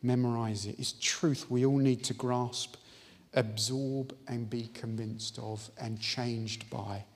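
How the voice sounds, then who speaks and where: A man's voice: mid-range voice, fairly even intonation, slow, slight background noise. A man preaching a sermon in an earnest, emphatic, exhorting manner. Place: church hall. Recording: live-stream audio with long hall reverb.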